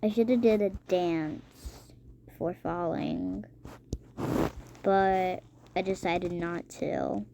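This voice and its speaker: A young woman commenting on her own gameplay, dramatic and mock-angry with quick outbursts. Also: lowish voice, fairly even intonation, creaky, noisy background. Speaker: gaming vlogger. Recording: game music behind voice.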